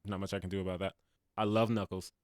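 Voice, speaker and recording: A young man in his late twenties co-hosts a casual movie podcast, his voice low and recorded dry and close. He is animated, laughs a lot and slips into quick impressions of the characters. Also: smooth, no room sound. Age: late 20s. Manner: animated, laughs often, acts out quotes. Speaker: podcast co-host. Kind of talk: casual movie review chat. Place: podcast studio.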